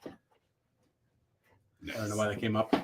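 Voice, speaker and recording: A man's voice: lowish voice, monotone, unhurried, background noise. A man hosting a livestream in a playful, theatrical way, joking through a mock art critique. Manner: goofy, theatrical, swings from loud declaiming to mumbling. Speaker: livestream host.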